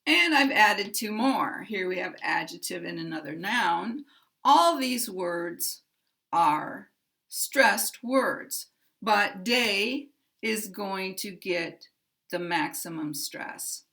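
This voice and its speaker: An American woman teaches pronunciation at a very unhurried pace, drawing out her key words and modeling each example sentence. Her voice has a gravelly, creaky edge, and her pitch sits in a middle range. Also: expressive, bright, forceful tone. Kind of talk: slow, deliberate teaching with spoken examples.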